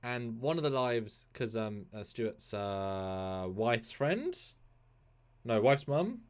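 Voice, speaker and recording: A man's voice: mid-range voice, big pitch swings, takes it slowly. A man co-hosting a casual livestream, rambling and laughing as he talks. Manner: rambling and laughing, with frequent restarts. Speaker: co-host.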